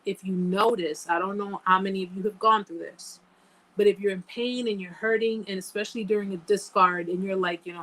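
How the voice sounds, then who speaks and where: A woman hosts a live-stream chat and talks to her viewers in an earnest, emphatic way. Her voice sits at an average pitch for a woman. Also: steady tone, a little fast, a bit bright, low-quality recording. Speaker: host answering live chat.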